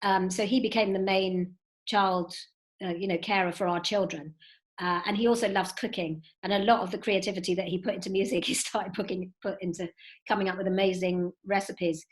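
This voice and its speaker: A woman in her fifties, a guest telling lively stories with many "you know"s over a video call from home. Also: medium pitch, brisk. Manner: animated storytelling with frequent "you know". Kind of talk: recorded video call interview. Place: at home indoors.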